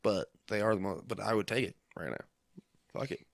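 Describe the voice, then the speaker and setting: A man's voice: on the low side, a little fast, vocal fry, no echo, studio quality. A young man co-hosting a casual podcast, talking loosely with lots of swearing and frequent laughter. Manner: loose, profane, laughs often. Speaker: podcast co-host.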